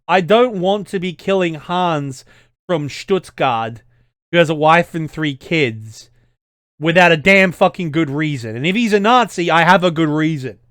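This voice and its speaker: Brief: young Australian man, fairly high voice, exasperated, swearing reaction commentary. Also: animated, a little slow, a bit bright, no echo, clean studio sound. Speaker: history YouTuber reacting to a game.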